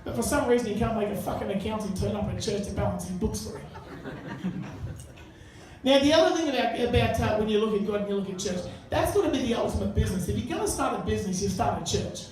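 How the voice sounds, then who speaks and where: A man's voice: high-pitched, expressive, fast, over music. A man doing a crude, chatty stand-up set in a pub, bantering with the crowd. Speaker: stand-up comedian. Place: live pub venue. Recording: echoey room, mic far off. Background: audience laughter.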